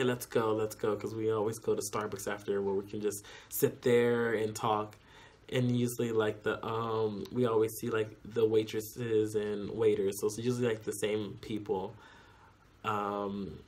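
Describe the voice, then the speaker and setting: A young man telling a long, rambling story in a casual vlog, filling his speech with "like" and "um", recorded on a phone. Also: on the low side. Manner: rambling, heavy use of "like" and "um". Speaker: vlogger.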